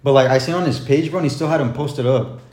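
Fast-talking teen guy in an echoey room. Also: mid-range voice, darkish tone. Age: teens. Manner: slangy, profane, retells scenes in quoted dialogue. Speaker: podcast guest. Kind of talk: casual storytelling among friends.

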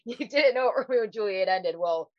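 A woman's voice: medium pitch, lively intonation, moderate pace, no room sound, highs cut off. A woman co-hosting a podcast in casual chat, swearing freely and laughing often. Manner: swears a lot, laughs often, breaks into silly voices. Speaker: podcast co-host.

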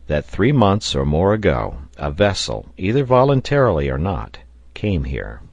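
A man reading aloud, voicing a calm male engineer who explains in a measured way. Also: low voice, gravelly, dry recording, lo-fi sound, full character voice.

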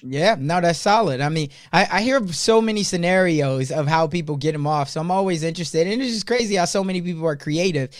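A man hosting a podcast, chatting casually and upbeat, agreeing often and using relaxed slang. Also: a little high, fast, few pauses, no echo, studio quality. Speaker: podcast host. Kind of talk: casual interview talk.

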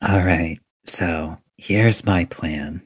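A man playing a tabletop game, talking in a slow, thoughtful, plotting way. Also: low-pitched, slightly rough. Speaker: tabletop player.

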